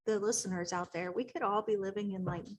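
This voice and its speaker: A woman's voice: mid-range voice, fairly even intonation, fast talker, slight background noise. A woman co-hosting a podcast in a studio, chatting casually with a guest. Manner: brief reactions and laughter. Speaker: podcast co-host. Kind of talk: casual interview chat.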